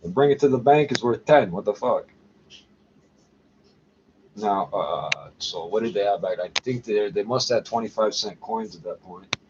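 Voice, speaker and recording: A man's voice: lowish voice, expressive, normal speed, highs cut off, noisy background. A man rambling profanely to camera in a casual monologue, muttering asides and tagging lines with "eh?". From Canada. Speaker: vlogger.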